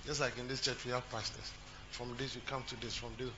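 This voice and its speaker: A man's voice: mid-range voice, little pitch movement, fairly quick. A man preaching a sermon to his congregation, repeating phrases and asking the crowd questions. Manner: repetitive, talks to the congregation, jokes and asks questions. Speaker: pastor. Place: church. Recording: dull recording with humming noise.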